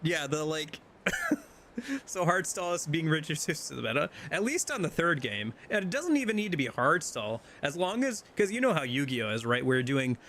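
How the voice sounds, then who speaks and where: Rambling male game streamer, higher voice. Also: huge pitch swings, normal speed, fairly bright tone, slight background noise. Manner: rambling, many fillers and restarts. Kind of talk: casual gameplay chat.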